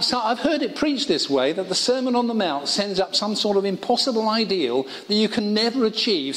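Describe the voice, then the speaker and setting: Male preacher with a high, animated voice and a chatty, wry sermon delivery, recorded in a reverberant worship hall. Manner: conversational with humorous asides.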